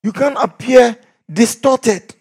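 A middle-aged man preaching a sermon, swinging from shouts down to near whispers. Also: very high-pitched, takes it slowly, creaky, breathy edge. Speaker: pastor.

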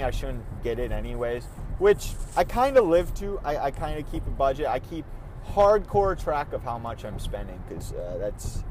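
Male podcaster, casual driving monologue, lively swinging pitch, slightly high voice, faint road noise. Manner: rambling, self-interrupting, repeats words. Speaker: podcast host. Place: in a car on city roads.

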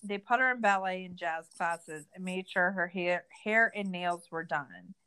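A woman's voice: lowish voice, a little slow, bright, forceful tone, clear, resonant tone, low-quality recording. A woman in her thirties co-hosting a podcast, recapping a documentary in a sarcastic, exasperated rant full of swearing. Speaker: podcast co-host. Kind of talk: casual recap chat.

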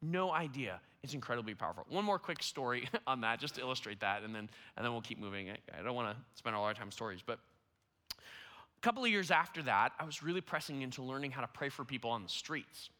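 A young man preaching, telling a story in an animated, self-deprecating way, full of fillers like "like" and "you know.". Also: mid-range voice, quick pace. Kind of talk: sermon storytelling. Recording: long hall reverb.

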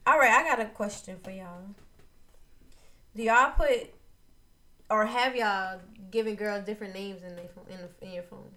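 A woman's voice: medium pitch, moderate pace, pauses often, sharp tone. A woman co-hosting a podcast, chatting casually and frankly, reading listener questions and laughing often. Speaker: podcast co-host. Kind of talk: casual chat.

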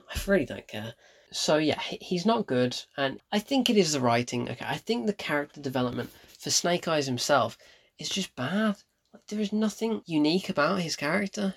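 A man's voice: on the high side, gravelly. A man giving a casual, opinionated film review, blunt and emphatic, repeating his points for effect.

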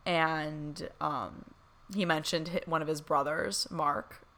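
A young woman vlogger telling a story to her viewers in a casual, excited way, with lots of fillers. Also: low voice, takes it slowly, slight background noise. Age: young adult. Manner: excited, gushing, many fillers.

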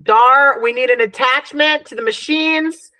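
A woman in her thirties hosting a podcast and chatting casually as a dog groomer, telling stories in a profane, animated way. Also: high-pitched, a little slow, no echo. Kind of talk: casual chat.

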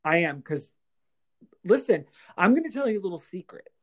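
A woman's voice: on the low side, big pitch swings, moderate pace. A woman co-hosting a casual podcast, teasing and joking with her partner. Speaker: podcast co-host.

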